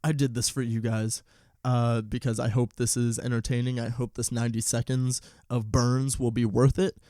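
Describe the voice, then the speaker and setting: A man's voice: moderate pace, dry recording, studio quality. A man hosting a solo movie podcast, talking casually with fillers, sometimes ranting in bursts. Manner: ranting, animated roast with rising pitch. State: out of breath. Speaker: podcast host.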